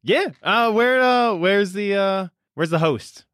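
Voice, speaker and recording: A man's voice: sits high, lively intonation, slow, fairly bright tone, dry recording, studio quality. A man playing a tabletop game in a playful, joking way. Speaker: player. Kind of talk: tabletop game role-play.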